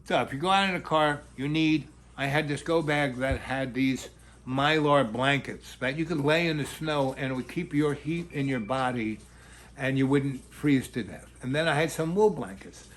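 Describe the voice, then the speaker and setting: A man telling a long, rambling personal anecdote in a halting way, with many restarts. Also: mid-range voice. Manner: halting, full of fillers and restarts, acts out quoted voices. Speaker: storyteller.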